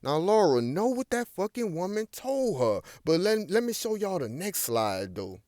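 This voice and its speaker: A man's voice: high voice, moderate pace, no room sound, studio quality. A man giving a casual, profane review of a sitcom episode, swearing constantly and talking straight to his listeners. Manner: animated, swears constantly, addresses listeners directly. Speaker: show reviewer.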